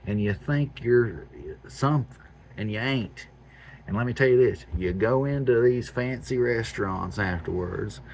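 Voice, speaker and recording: A homestead channel host rants to the camera in a lowish, gravelly voice, blunt and exasperated, repeating phrases for emphasis. There's a little hiss or hum in the recording.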